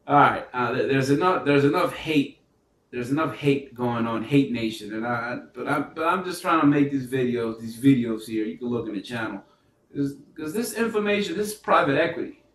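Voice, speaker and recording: A man giving a casual, animated business funding lesson, firing rhetorical questions and restarting his sentences often. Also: medium pitch, normal speed, slight background noise. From New York. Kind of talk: casual teaching monologue. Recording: echoey room, mic at a distance.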